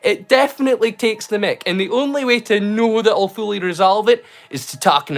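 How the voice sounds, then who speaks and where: A Scottish man rambles through a casual livestream from his home, restarting sentences as he goes. His voice sits a bit higher than most men's. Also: expressive, a little fast, few pauses. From Scotland. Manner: chatty, rambling with restarts and Scots slang. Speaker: livestream host. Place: home in rural Scotland.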